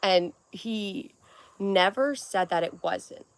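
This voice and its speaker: A woman's voice: medium pitch, slow, clear, resonant tone, no room sound. Rambling young woman streamer, dry sound. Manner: rambling, reads chat aloud, swears freely. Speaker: livestream host. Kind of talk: casual livestream chat with viewers.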